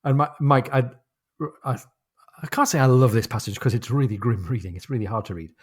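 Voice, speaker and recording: A man co-hosting a podcast, chatting casually about a novel and reading passages aloud slowly and deliberately. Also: mid-range voice, breathy edge. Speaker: podcast co-host. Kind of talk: casual book discussion with read-aloud passages.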